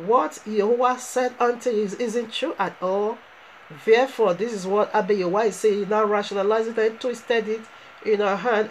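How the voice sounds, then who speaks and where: A woman's voice: on the high side, slight background noise, rough recording. A woman preaching a fervent sermon, driving her points home with emphatic rhetorical questions.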